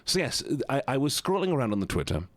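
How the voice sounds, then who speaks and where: Lively, playful man streaming live. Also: medium pitch, fast talker, dry recording. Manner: playful, animated, chatty with viewers. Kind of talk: casual live-stream chat.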